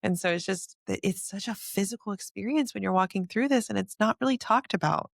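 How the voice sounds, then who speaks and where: A woman hosting a podcast, telling a personal story in a lively, casual way with frequent laughter. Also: mid-range voice, brisk, gravelly, no room sound, clean studio sound. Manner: animated storytelling, laughs often. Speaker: podcast host. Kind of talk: casual conversation.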